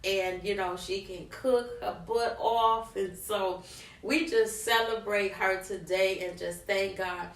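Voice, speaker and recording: A middle-aged woman vlogger, an animated storyteller speaking straight to her viewers. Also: medium pitch, slow. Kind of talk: personal story time. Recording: roomy, from a distance.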